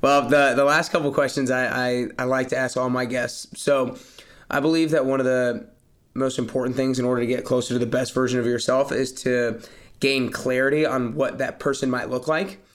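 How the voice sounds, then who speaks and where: A man's voice: mid-range voice, steady tone, moderate pace. A man hosting an interview, asking questions with frequent restarts and eager reactions. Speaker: interview host. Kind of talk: conversational interview.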